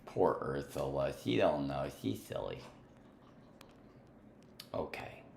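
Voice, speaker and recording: A man hosting a casual gaming livestream, playfully teasing and bantering with other players, drifting between sing-song chatter and soft murmuring. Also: a bass voice, sing-song, takes it slowly, vocal fry. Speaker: livestream host. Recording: roomy echo with faint background noise.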